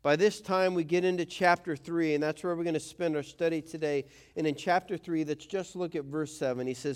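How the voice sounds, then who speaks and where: A man's voice: fairly high pitch, steady tone, a little fast, few pauses, smooth. A man preaching a conversational sermon as a pastor, acting out quoted voices.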